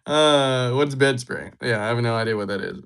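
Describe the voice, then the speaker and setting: A man's voice: medium pitch, normal speed, vocal fry, a bit bright, clean tone. A young man from Georgia, chatting casually with viewers on a live stream. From Georgia, USA. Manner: chatty, laid-back, joking with viewers. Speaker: livestreamer.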